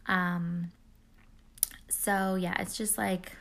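A woman in her thirties talks through a TV episode recap in a casual, rambling way, full of "um" and "like". Her voice sits fairly low and stays quite flat. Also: drawn-out words, gravelly. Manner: rambling, many fillers and likes. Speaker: recap vlogger.

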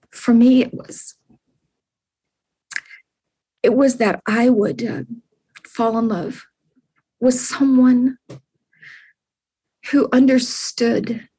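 A woman's voice: a little high, darkish tone, husky. A woman in her sixties, an interview guest, speaking earnestly and encouragingly, often repeating her words. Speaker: podcast guest. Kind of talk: heartfelt interview answers.

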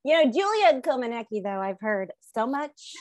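High-voiced woman co-host, playful teaser and easy laugher, dry close recording. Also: big pitch swings, normal speed, no room sound. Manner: teasing, supportive, laughs often. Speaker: podcast co-host. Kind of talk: casual chat.

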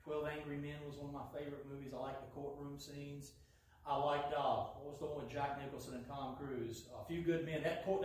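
A man preaching a sermon in an animated way, taking on a sarcastic edge when he voices God's lines. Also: on the high side, a little hiss or hum. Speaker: pastor. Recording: echoey hall, voice from far off.

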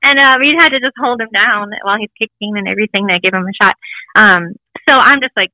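A woman's voice: mid-range voice, fairly quick, pushed and bright, no echo, poor audio. A woman in her thirties, a guest sharing a candid personal story, laughing often and acting out voices in her quotes. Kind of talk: personal testimony interview.

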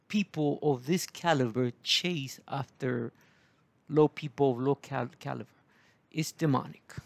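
A man, preaching in a rambling, halting way full of fillers and asides. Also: on the high side, vocal fry, no echo. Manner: digressive, halting, many fillers. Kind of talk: rambling Bible teaching.

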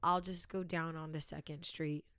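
Woman, young adult, tired, rambling storyteller, lower voice, dry sound. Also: level tone, moderate pace, fairly bright tone, smooth, no echo. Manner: rambling, run-on storytelling with many "like"s. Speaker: podcast co-host. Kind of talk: casual chat.

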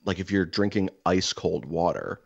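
A man with a very deep, gravelly voice rambles through a casual story, cursing freely and getting animated. His tone is husky and rough. The mic is dry and a little dull. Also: moderate pace, no echo. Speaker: podcast co-host.

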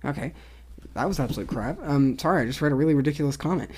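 A young woman with a low, deep-set voice runs her own solo show about the news. She reads articles aloud and breaks off into blunt, opinionated asides, rambling and restarting as she goes. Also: lively intonation, fast talker, darkish tone, slightly rough. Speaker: podcast host. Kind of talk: casual solo commentary on news.

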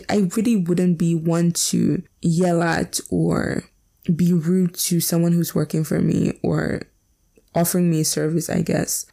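A woman's voice: lowish voice, gravelly, dark tone, breathy edge. A teenage girl from Nigeria ranting bluntly and swearing in a casual opinion vlog. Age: teens. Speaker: vlogger. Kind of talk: casual opinion rant, reacting to statements.

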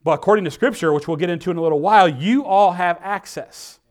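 A man preaching a sermon with lively emphasis, dropping to quiet asides and reading scripture slowly. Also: high voice. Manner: animated preaching, swinging between loud emphasis and quiet asides. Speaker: pastor.

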